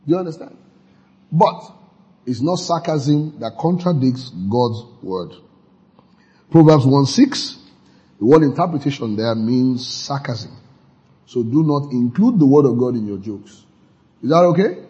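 Pastor, male, animated, lively preaching with call-and-response, fairly high voice. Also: dull audio. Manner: leads congregation in call-and-response declarations. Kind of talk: sermon.

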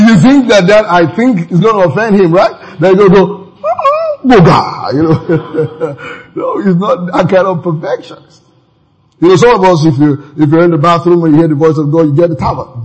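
A man's voice: high voice, fairly quick, a little mellow, slightly rough, lo-fi sound. A man preaching a sermon in a conversational way, with laughing asides and many fillers.

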